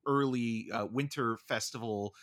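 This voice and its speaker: A man's voice: mid-range voice, steady tone, unhurried, a bit bright. A man co-hosting a casual film podcast, rambling and hedging with frequent "like" and "I mean". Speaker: podcast co-host discussing films.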